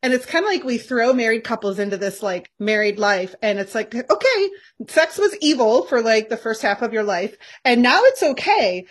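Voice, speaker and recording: A woman co-hosting a faith-based podcast in casual chat, animated and quick to laugh. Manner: animated, laughs often, lively pitch jumps. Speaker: podcast co-host.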